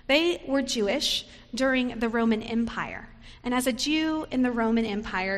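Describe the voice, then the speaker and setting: A woman pastor delivers a Sunday sermon in a measured, reflective storytelling way. Her voice sits somewhat high. The recording carries the long, lingering reverb of a large church sanctuary.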